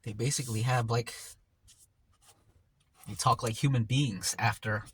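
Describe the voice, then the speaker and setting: A man's voice: mid-range voice, fairly even intonation, measured pace, husky. A man telling a story casually while eating on camera, in a rambling, laid-back way full of slang, often trailing off mid-thought. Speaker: mukbang vlogger.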